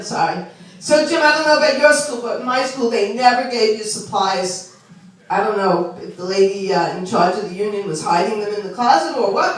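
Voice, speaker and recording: A woman, doing a chatty, self-deprecating stand-up set and talking to the crowd. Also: on the high side. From Long Island. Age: 60s. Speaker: stand-up comedian. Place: small club. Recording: roomy club sound from a distant mic.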